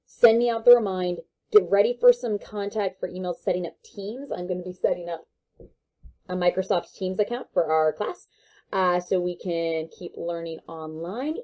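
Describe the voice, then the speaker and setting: A woman's voice: on the low side, moderate pace, dark tone. A woman teacher giving a recorded online lesson, talking in a casual, joking way with many fillers.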